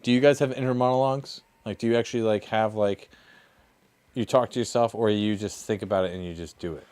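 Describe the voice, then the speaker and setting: A man chatting casually as a friend on a stream, animated and quick to chime in. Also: fairly low pitch, smooth. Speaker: guest friend. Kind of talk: casual chat.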